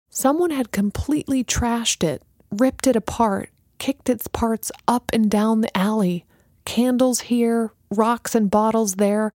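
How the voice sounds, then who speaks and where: A woman narrating a story in a measured, even storytelling manner. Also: medium pitch, dry recording, studio quality. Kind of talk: audiobook narration.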